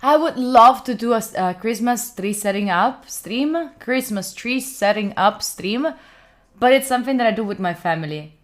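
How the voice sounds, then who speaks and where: A young Italian woman with an Italian accent speaks at a normal speed in a slightly high voice with lively intonation. On a study live stream she chats casually and playfully with viewers, acting mock-indignant and using frequent fillers.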